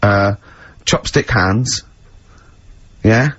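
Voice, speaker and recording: A man's voice: lowish voice, extremely slow, a bit bright. A man hosting a radio show, rambling through absurd what-ifs in comic studio banter. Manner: rambling, spins absurd hypotheticals, laughs a lot. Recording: dull lo-fi radio sound.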